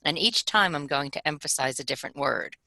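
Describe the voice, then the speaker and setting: A woman's voice: deep voice, animated, brisk, gravelly, bright, forceful tone, dry recording, poor audio. A woman co-presenting a webinar workshop, talking in a demonstrative way and acting out voice examples for her audience.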